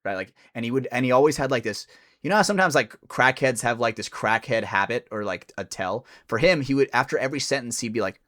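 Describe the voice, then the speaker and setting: Animated young man telling a story. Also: medium pitch, fast. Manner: animated, swearing, acts out quoted voices. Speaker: podcast co-host. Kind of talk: casual storytelling.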